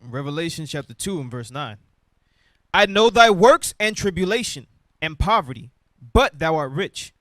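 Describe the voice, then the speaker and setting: High, bright-voiced man reading scripture. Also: sing-song, moderate pace, no room sound. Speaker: class member reading scripture.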